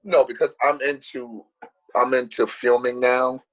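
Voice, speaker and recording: A man's voice: medium pitch, flat delivery, unhurried, rough recording. A middle-aged man, a guest rapper, chatting casually on a podcast, laid-back and often laughing, with rambling restarts.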